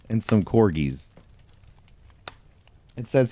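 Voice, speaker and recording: Low slow guy reading pun book deadpan to a toy penguin, lots of swing in his voice. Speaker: host. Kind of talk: deadpan comedic storybook reading.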